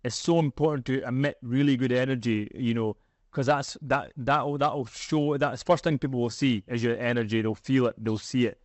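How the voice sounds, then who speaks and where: A man with a broad Scottish accent, chatty and easygoing, with a voice of middling pitch. He tells a story in a relaxed podcast chat. The sound is dry and close, with no room echo. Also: moderate pace. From Scotland. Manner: chatty, laughs while telling stories. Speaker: guest. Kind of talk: casual storytelling.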